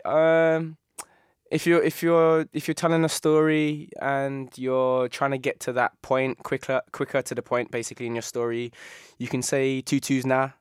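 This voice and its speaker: A man with a South London accent, a guest actor in a casual interview, easygoing and quick to laugh, dropping "man" and "you know" into his talk. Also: mid-range voice, level tone, clean tone, no room sound, clean studio sound.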